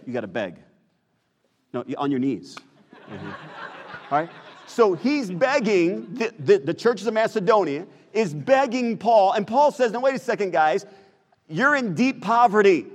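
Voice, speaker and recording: High-voiced American pastor preaching in a hall. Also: male voice. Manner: preaching, asks the congregation questions. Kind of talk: sermon. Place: church sanctuary.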